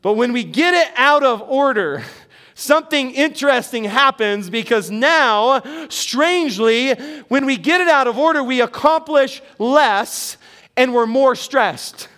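A man's voice: very high voice, animated, unhurried, sharp tone. A middle-aged man preaching a sermon as pastor, earnest and emphatic, with rising bursts of emphasis.

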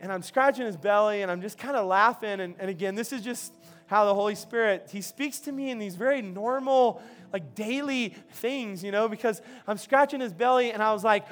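Male pastor, high voice, chatty storytelling sermon, stumbles and repeats words, faint music under him. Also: fairly quick, fairly bright tone. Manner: conversational, repeats words and restarts, chuckles.

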